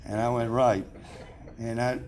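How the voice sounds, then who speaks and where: In a banquet hall, a septuagenarian man speaks into a podium mic to accept an award, his medium-pitched voice darkish, a little slow, and fairly flat. He chuckles and restarts as he shares chatty stories at his own expense, with a little hiss or hum audible.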